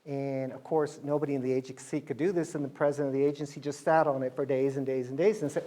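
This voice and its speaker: Middle-aged man, mid-pitched, animated storyteller who acts out the dialogue, motivational talk to students. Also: fast, few pauses. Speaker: business speaker telling a story.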